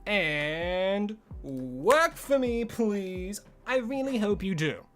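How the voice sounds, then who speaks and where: A man's voice: high-pitched, very animated, drawn-out words, fairly bright tone. A young man chatting casually with his live-stream audience, swearing freely and laughing often. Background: faint music.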